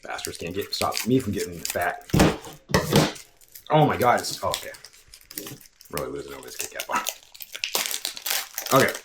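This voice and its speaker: A man's voice: deep voice, big pitch swings, normal speed, long pauses, very noisy. A middle-aged man casually taste-testing snacks on his vlog, chatty and rambling, often laughing at himself. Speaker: food reviewer. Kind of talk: casual food-tasting vlog.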